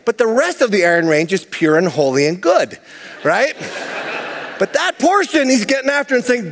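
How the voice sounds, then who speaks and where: A pastor from Minnesota giving a sermon, animated and conversational, with chatty asides. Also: male voice, high voice, normal speed, in a large hall. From Minnesota, USA.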